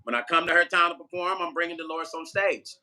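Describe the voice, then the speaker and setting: Bright, high-voiced older man chatting live. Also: fast talker. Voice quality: loose, joking, talks straight to the chat. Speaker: musician vlogger. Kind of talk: casual livestream chat reading viewer comments.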